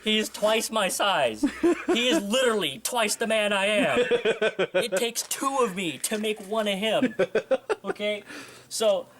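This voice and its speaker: A man's voice: sits high, animated, unhurried, slight background noise. A young man casually telling a story to a friend, acting out the voices of others, laughing often and swearing freely.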